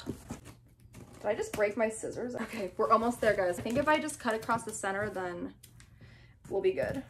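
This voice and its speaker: Gushing young woman, high voice. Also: moderate pace, background noise. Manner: gushing, breathless, keeps repeating "oh my gosh". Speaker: vlogger opening fan mail. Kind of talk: excited casual vlog.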